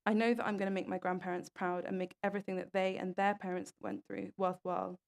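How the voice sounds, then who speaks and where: A young woman reads moving stories to an audience. Her delivery is earnest and fairly level in pitch, and her voice has a gravelly edge. She stumbles and restarts on a word from time to time. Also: flat delivery, fast, a little mellow. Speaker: speaker at an event. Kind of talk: reading stories aloud in a talk.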